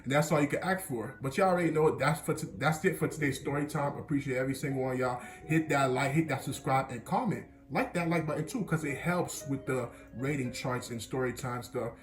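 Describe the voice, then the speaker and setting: A young man telling a school story as a vlogger, animated and slangy, often breaking into laughter. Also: mid-range voice, fairly quick, few pauses. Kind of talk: casual storytelling. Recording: echoey room.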